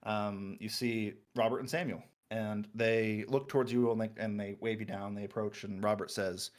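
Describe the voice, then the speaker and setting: A man narrating a tabletop game as game master, relaxed and laughing, with many fillers. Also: lowish voice, normal speed, hardly any pauses.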